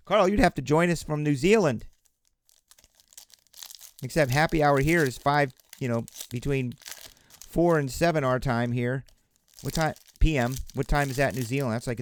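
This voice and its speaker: A man's voice: mid-range voice, moderate pace, a little hiss or hum. Chatty man hosting a live card break. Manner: chatty, calls out player names while chatting with viewers. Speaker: card-breaking livestream host. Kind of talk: casual live-stream commentary.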